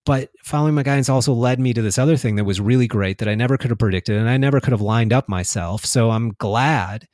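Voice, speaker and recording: A man's voice: medium pitch, fast talker, few pauses, a little mellow, no echo, studio quality. A man talking reflectively in a casual spiritual conversation, laughing often and restarting his sentences.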